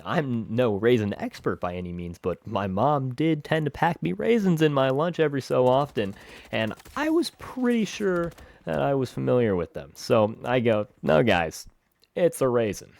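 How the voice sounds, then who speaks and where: A man telling a story from his school days in an animated, expressive vlog. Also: mid-range voice, gravelly, dry recording. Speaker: vlogger.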